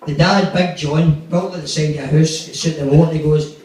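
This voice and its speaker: A man's voice: on the high side, steady tone, brisk, darkish tone. A young man doing stand-up, telling a rambling, sweary story and acting out the quotes. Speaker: stand-up comedian. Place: comedy club stage. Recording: echoey room from far off.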